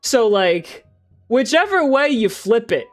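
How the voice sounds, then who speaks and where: An excitable woman streamer chatting casually with her viewers. She swears freely and breaks into laughs as she goes. Soft background music plays beneath her voice. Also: fairly high pitch, slow pace. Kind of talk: casual livestream chat.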